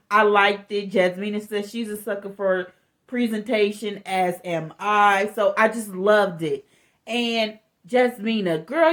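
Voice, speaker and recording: Slow, chatty woman recapping reality TV. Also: medium pitch. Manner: chatty and candid, says she is sensitive. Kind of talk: casual recap commentary.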